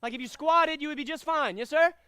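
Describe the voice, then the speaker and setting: A man teaching a karate class, giving energetic commands and calling out drills and counts. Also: very high voice, a little fast, no room sound. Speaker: karate instructor. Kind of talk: martial arts class instruction.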